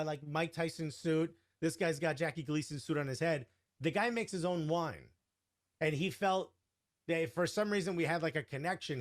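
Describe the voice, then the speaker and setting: A man guest telling an animated, casual story, full of "like" and "you know", acting out the quoted dialogue. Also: fairly high pitch. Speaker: podcast guest.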